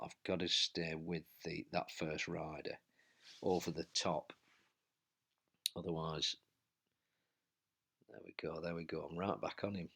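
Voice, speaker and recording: Riding in his own indoor bike race, a cycling vlogger commentates live, out of breath and urging himself on. His low voice has a sharp tone and a breathy edge.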